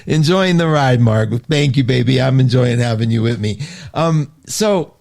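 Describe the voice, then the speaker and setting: A middle-aged man hosting an astrology show, chatting casually and reading out viewer comments with lively swoops of pitch and frequent laughs. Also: normal speed, vocal fry.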